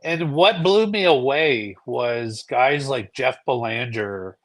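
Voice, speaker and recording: A young man from Canada telling a story in a casual chat, halting and rambling with lots of restarts and fillers. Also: mid-range voice. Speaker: podcast guest.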